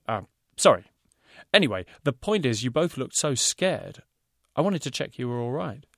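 A man voicing a fussy male fashion designer who talks in rapid, pompous salesman's patter. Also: medium pitch, very animated, dry recording, clean studio sound, pitched above the performer's own voice.

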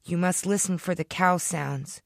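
A woman's voice: on the low side, a little slow, gravelly, dry recording, studio quality. Storybook elder: a dying old teacher, wheezing and cryptic, read by a woman.

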